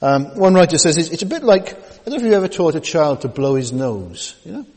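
Halting preacher in an echoing hall. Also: male voice, on the high side, very animated, darkish tone, breathy edge. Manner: halting, many fillers and repeated words, folksy asides. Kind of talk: sermon. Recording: long hall reverb.

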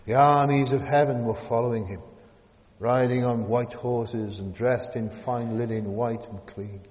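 A man preaching a sermon, moving from loud declaiming to hushed whispers, with casual asides ending in tag questions. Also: medium pitch, fairly even intonation, a little slow. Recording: long hall reverb.

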